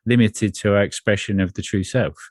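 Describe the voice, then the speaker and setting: A man speaking as an energy coach in a spiritual conversation, earnest and measured, often repeating phrases. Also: lowish voice, fairly even intonation, no room sound, clean studio sound.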